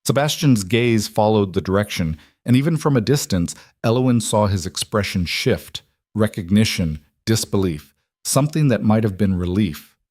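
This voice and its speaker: A man giving a scripted narration of a romance story in a steady, even way. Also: fairly low pitch, normal speed, dry recording, studio quality.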